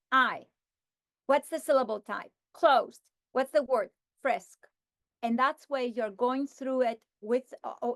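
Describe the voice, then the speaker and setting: High-voiced woman modeling phonics. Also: dry recording, clean studio sound. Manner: slow, deliberate sounding-out of words. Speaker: teacher trainer. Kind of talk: modeling a phonics lesson for teachers.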